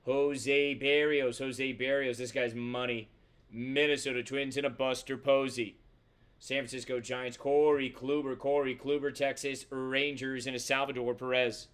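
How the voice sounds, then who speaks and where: Smooth-voiced man hosting a card break. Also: mid-range voice, level tone, unhurried, a bit bright. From Central Florida. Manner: casual, swears freely, rattles off player names. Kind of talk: live box break commentary.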